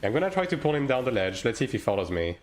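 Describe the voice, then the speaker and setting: A man's voice: medium pitch, big pitch swings, very fast, a little hiss or hum. A man streaming a game live, talking casually and swearing as he chats with viewers. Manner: casual, profane, talks to chat while playing. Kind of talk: live-stream gaming commentary.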